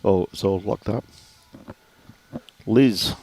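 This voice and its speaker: A man's voice: lowish voice, slow pace, a little mellow, slightly rough. A man giving live lawn bowls commentary, chatty and joking, often calling people "mate".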